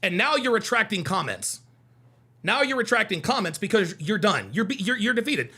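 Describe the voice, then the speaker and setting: A man's voice: sits high, very animated, moderate pace, pushed and bright, slightly rough. A man hosting a heated livestream, reading out chat comments and arguing with them in a combative, mocking way, repeating his points.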